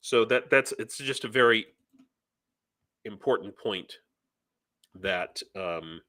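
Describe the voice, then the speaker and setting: A man's voice: on the low side, expressive, takes it slowly, pushed and bright. A man hosting a live news stream, giving heated, ranting commentary and reading out viewer comments. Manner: passionate, ranting, reads viewer comments aloud. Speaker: livestream news host.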